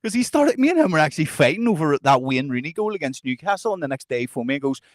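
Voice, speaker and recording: A man co-hosting a podcast, telling stories in a casual, animated way, often laughing and swearing. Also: fairly high pitch, quick pace. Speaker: podcast co-host. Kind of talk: casual storytelling chat.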